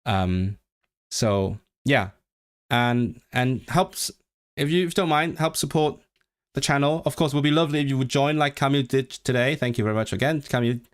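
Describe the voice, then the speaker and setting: A man's voice: medium pitch, clean tone. Young guy chatting on a livestream, rambly, keeps restarting his sentences, medium voice. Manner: rambling, self-correcting, chatty; reads practice sentences aloud slowly. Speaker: livestream host. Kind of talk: casual livestream chat.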